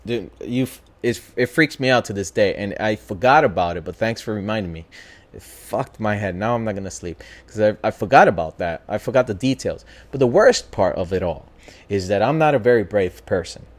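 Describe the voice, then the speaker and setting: A man casually telling a spooky personal story as a podcast host, talking in a lively, profane way. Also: fairly low pitch, brisk. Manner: animated, profane, acts out voices in his story.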